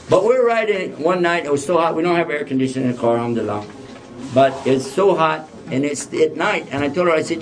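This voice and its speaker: Joking male lecturer, higher voice. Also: expressive, fairly quick. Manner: joking, asks the audience questions. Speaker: Islamic lecturer. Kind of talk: lecture to a live audience. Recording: voice a bit distant from the mic.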